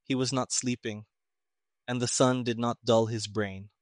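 A man narrating a story in a measured, even way. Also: medium pitch, no room sound, studio quality.

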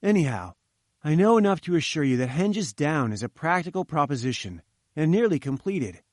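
Breezy, self-assured male reporter, brisk and knowing, read by a man. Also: a little high, very animated, a little mellow, no echo, studio quality. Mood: confident.

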